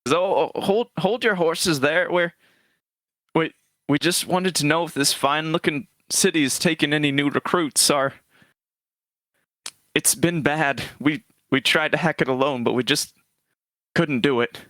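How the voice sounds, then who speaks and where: A man's voice: fairly high pitch, a little slow, long pauses, fairly bright tone, no room sound, pitched above the performer's own voice. A man voicing a frail, grandfatherly old man who pleads and wheedles in a quavering voice at a tabletop game. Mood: pleading.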